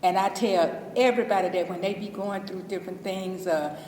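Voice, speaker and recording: A woman's voice: medium pitch, fairly even intonation, a little fast, a little mellow. A middle-aged woman from Alabama with a Southern accent, telling heartfelt stories in a chatty, informal way about her work as a school custodian. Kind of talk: interview testimony. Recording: echoey hall, distant mic, faint noise.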